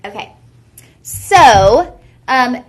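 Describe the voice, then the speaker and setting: A woman's voice: fairly high pitch, animated, extremely slow, echoey room. A young woman hosting a live jewelry sales stream, chatty and gushing. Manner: gushing, chatty, says y'all a lot. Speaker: shopping channel jewelry host.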